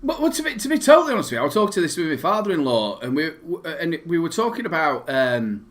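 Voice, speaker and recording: A man with a Northern English accent co-hosting a casual live chat show, telling stories in a rambling, halting way. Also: a little high, big pitch swings, a bit bright. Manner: rambling, halting, with many restarts and fillers. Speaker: podcast co-host.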